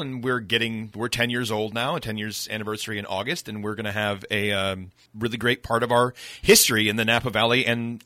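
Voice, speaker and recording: A man's voice: lowish voice, sharp tone, dry recording. A man with a rich, broadcast-style voice, chatting casually as a guest in a radio studio and laughing often. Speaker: guest, distillery tour guide. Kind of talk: casual radio interview chat.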